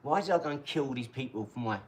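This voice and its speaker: A middle-aged man, hosting a casual livestream chat in a rambling, boastful, excitable way with lots of tag questions. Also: medium pitch, quick pace. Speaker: channel host reading viewer comments.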